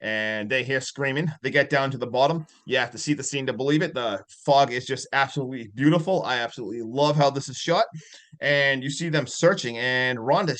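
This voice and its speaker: A man co-hosting a podcast, excitedly retelling a horror movie scene by scene with lots of "like". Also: mid-range voice, a little fast. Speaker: podcast co-host. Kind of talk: casual movie review chat.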